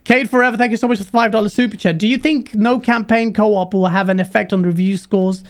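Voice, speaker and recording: A man's voice: high-pitched, fairly even intonation, fast. A man hosting a casual gaming live stream, reading out super chats and putting questions to his guests. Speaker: stream host.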